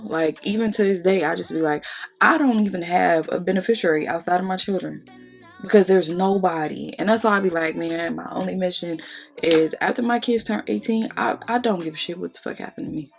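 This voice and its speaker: A woman's voice: fairly low pitch, creaky. A young woman vlogger talking candidly during a makeup tutorial, blunt and profane, venting and close to tears. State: on the verge of tears. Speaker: beauty vlogger.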